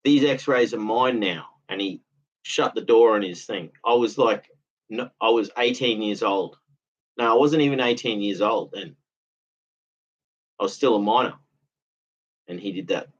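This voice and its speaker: A man's voice: fairly low pitch, moderate pace, pauses often. A man, talking in a rambling, aggrieved monologue that circles back and repeats itself. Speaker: vlogger. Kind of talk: casual monologue. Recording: dull lo-fi audio.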